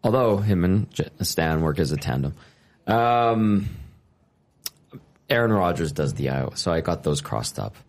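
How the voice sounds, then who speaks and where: A man with a very deep, low voice chats on a podcast. He drops short, dry wisecracks into the conversation. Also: animated, a little slow. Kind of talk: casual chat.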